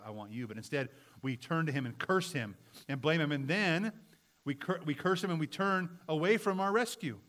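Male pastor mid-sermon; earnest and emphatic, wide swings from loud to hushed delivery. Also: fairly high pitch.

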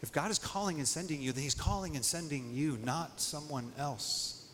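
A man's voice: fairly high pitch, expressive, normal speed, fairly bright tone. A male pastor preaching a sermon in a casual, conversational way, dropping "like" often. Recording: long hall reverb, faint noise.

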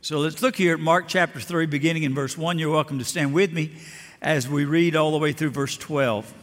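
Speaking a little high and fairly quickly, with fairly even intonation, an older pastor from Lower Alabama tells folksy stories in his sermon and voices the people in them. The recording carries a long hall reverb.

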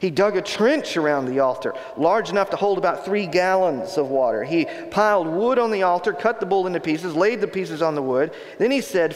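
A man preaching a sermon, retelling a scripture story in a conversational, animated way. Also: sits high, normal speed. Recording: long hall reverb.

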